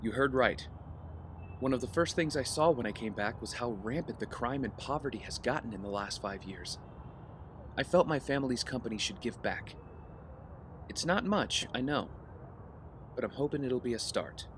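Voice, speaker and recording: A man's voice: mid-range voice, expressive, moderate pace, long pauses, lightly acted. Guy playing an earnest rich kid, easygoing mid voice, faint hiss. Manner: earnest, conciliatory. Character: earnest rich young man, apologetic. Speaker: wealthy heir. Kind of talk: audio drama acting.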